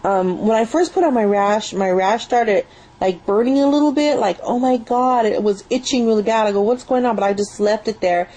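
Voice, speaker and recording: A woman's voice: mid-range voice, a little fast, mellow, rough recording. A young woman chatting enthusiastically at home in a rambling product review, recorded on a built-in webcam mic. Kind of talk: casual spoken product review.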